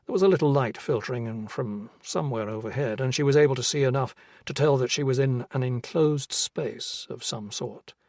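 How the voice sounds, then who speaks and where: Husky male audiobook narrator. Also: mid-range voice, brisk, hardly any pauses, darkish tone, no room sound, studio quality. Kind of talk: scripted narration.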